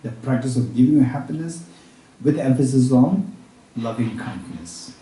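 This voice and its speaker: A man teaching Buddhist practice at a retreat, repeating each point slowly as if dictating, with halting restarts and check-ins with his listeners. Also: mid-range voice, expressive, mellow, a little hiss or hum. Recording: roomy room, speaker far from mic.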